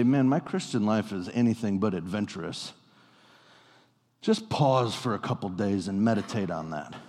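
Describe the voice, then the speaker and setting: Conversational pastor in an echoing sanctuary. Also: male voice, medium pitch. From US Pacific Northwest. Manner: conversational, animated storytelling with playful asides. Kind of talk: sermon. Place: church sanctuary. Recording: long reverb of a church hall.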